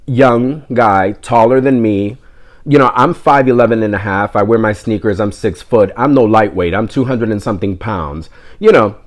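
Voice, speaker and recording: A man telling a story in casual, animated fashion, joking and going off on tangents, dropping in Spanish words. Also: lowish voice.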